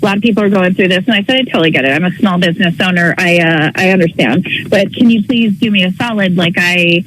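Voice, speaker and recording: A woman's voice: lowish voice, rough recording. Woman calling in to a radio show, rambles, lots of ums and likes, a little noise behind. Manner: rambling, halting, full of fillers. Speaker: caller. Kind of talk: phone-in call to a radio show.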